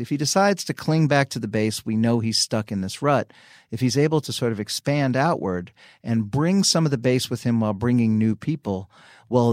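Reporter guest, mid-pitched man, analytical, dry close sound. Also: dry recording. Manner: analytical, conversational. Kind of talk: political analysis.

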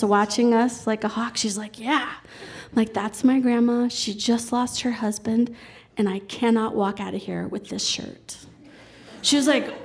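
A woman telling a personal story live on stage, lively and acting out people's lines as she quotes them. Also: a little high. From Colorado, USA. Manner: lively, quotes people in brief voices, laughs often.

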